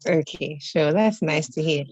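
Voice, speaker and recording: A woman's voice: low voice, unhurried, a little mellow, no room sound. A woman hosting a webinar over a video call, giving brief affirming replies and explaining questions. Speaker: webinar host. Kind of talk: moderating a webinar. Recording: dull, dry lo-fi audio.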